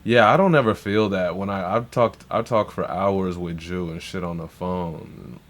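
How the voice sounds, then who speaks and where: A man's voice: sits low, measured pace. A man hosting a livestream, reacting to rap verses in loose, profane, rambling casual talk full of restarts.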